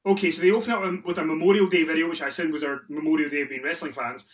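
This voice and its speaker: A man's voice: fairly high pitch, steady tone, rapid-fire. A man, hosting a casual podcast, sweary and exasperated, rattling off a recap with lots of ums. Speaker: podcast host. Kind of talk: casual wrestling podcast chat.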